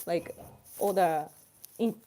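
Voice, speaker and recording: A woman's voice: on the low side, slow, warm tone. A Japanese woman with a Japanese accent, hosting a casual livestream in English and chatting with viewers, laughing often as she acts out examples. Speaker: livestream host reading chat. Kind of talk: casual chat.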